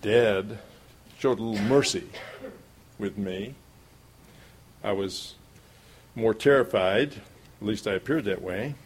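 A man's voice: on the low side, slow, pauses often, slight background noise. Folksy man telling a sermon story. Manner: folksy storyteller, chuckles often. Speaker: preacher.

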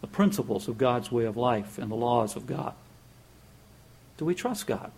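A man's voice: mid-range voice, animated, normal speed, darkish tone, husky. A man preaching a sermon in a conversational way, telling a joke, chuckling and repeating words as he goes.

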